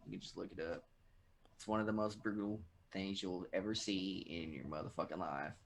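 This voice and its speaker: A man's voice: sits low, a little fast, a little hiss or hum. A Texan man co-hosting a podcast, ranting in casual chat and swearing freely. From Texas. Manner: profane, animated rants. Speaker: podcast co-host.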